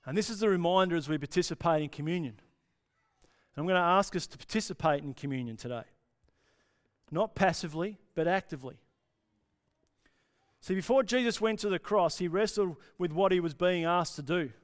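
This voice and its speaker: A male pastor delivers an impassioned sermon in a smooth, clear voice pitched a little high. He builds to intense, swelling lines, then drops to near-whispered pauses.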